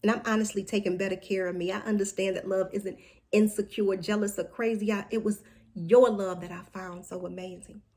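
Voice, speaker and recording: A woman reciting a spoken word poem about love and apology, slow and deliberate, sometimes dropping to a soft whisper. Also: mid-range voice, steady tone.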